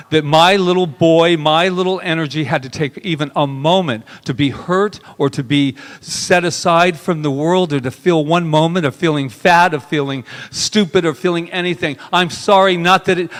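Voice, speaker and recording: A male minister giving a sermon, talking intimately and emotionally, sliding from soft murmurs into raised bursts. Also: on the high side. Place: spiritual center sanctuary. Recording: long hall reverb.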